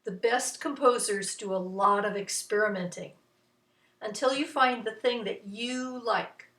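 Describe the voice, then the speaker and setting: Woman, music teacher, kids' lesson, slow patient chanting, distant mic, roomy sound. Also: mid-range voice, a bit bright.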